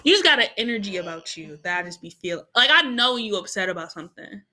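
Bright-voiced woman, blunt and teasing. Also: mid-range voice, fast. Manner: blunt, teasing, animated storytelling with quoted asides. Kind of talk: casual chat.

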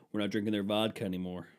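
Man, stuffy nose, somewhat low voice, profane comedy rant, loud bursts and low mutters, at home. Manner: swearing, ranting, swings between loud and muttered. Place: room at home with a dehumidifier running.

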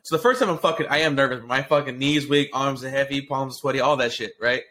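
There's a little hiss or hum as this fast-talking man speaks in a mid-range voice. As co-host of a casual podcast, he tells a long, rambling, profanity-laced story with plenty of restarts and filler words, excitable throughout.

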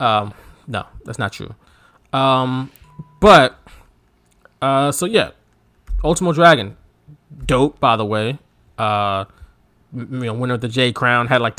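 A man co-hosting a casual wrestling podcast, telling stories with laughter and acted-out quotes. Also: mid-range voice. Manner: animated storyteller, laughs often, acts out quotes. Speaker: podcast co-host.

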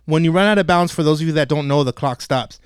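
A man's voice: fairly high pitch, quick pace, clean tone, dry recording, clean studio sound. A man hosting a podcast and telling a profane, comedic story, swearing constantly and acting out the quotes as he goes. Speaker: podcast host and youth football coach. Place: podcast studio.

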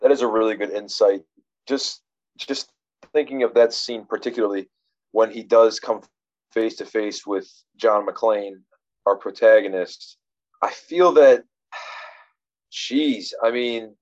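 A man's voice: on the low side, takes it slowly, long pauses, a little mellow, dull audio. A man in casual conversation about a film, thinking aloud with frequent restarts. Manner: rambling, many restarts and fillers, reflective. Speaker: podcast co-host discussing a film.

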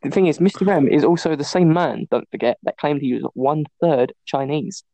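A young man chats as the host of a podcast, bouncing through anecdotes, quick to laugh and to mimic whoever is in the story. His voice sits a little high but has a soft, mellow tone, and the recording is close and dry. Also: no echo, lo-fi sound. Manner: animated storyteller, laughing often, acting out voices. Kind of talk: casual chat.

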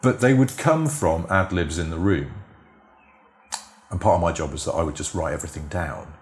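A man's voice: low-pitched, moderate pace, roomy sound, a little hiss or hum. A man, a former TV script editor, telling stories as a podcast guest in a rambling, anecdotal way full of "sort of" and "you know". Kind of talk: casual interview storytelling.

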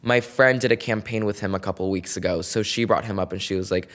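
On his own podcast, a man tells a story in a chatty, dramatic style packed with slang and "like." His voice sits on the low side and sounds fairly bright, with fairly even intonation and a quick pace.

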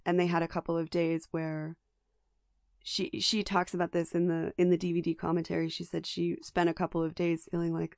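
A woman's voice: fairly low pitch, steady tone, normal speed, a little mellow, no echo, studio quality. A woman co-hosting a podcast, chatting enthusiastically about a film with lots of restarts. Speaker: podcast co-host. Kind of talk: casual film discussion.

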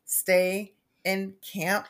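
A woman co-hosting a podcast in casual chat, playful and teasing, quick to push back. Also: medium pitch, little pitch movement, a bit bright. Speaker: podcast co-host.

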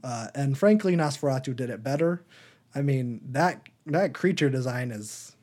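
A young man rambles through a casual movie chat on a podcast, full of ums and likes. He keeps slipping into a high mocking voice to act out lines. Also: lively intonation, normal speed, a little mellow. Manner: rambling, lots of fillers, acts out silly quotes in a high voice. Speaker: podcast co-host.

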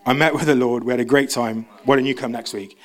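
A man's voice: steady tone, quick pace. Chatty young male preacher. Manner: chatty, self-interrupting, acts out quotes in a high voice. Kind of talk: casual sermon. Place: church.

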